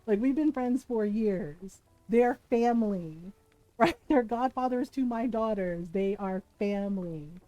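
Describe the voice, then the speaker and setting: A woman's voice: medium pitch, lively intonation, unhurried, dark tone, lo-fi sound. A woman streaming from home, chatting casually as she tells a story, often asking "right?" and laughing as she goes. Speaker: streamer and mother. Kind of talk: casual storytelling chat while streaming a game. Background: faint game music.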